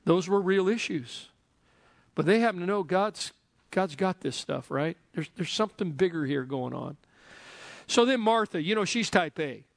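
A man's voice: high voice, lively intonation, moderate pace, creaky, dry recording, studio quality. A man preaching a sermon in a joking, conversational way, often checking in with the congregation. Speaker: pastor.

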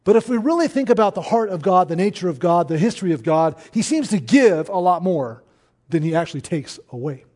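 Pastor guy preaching, pretty high voice, talks earnest and chatty, stops to let stuff sink in. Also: lively intonation, darkish tone. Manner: earnest, conversational preaching with pauses. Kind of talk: sermon.

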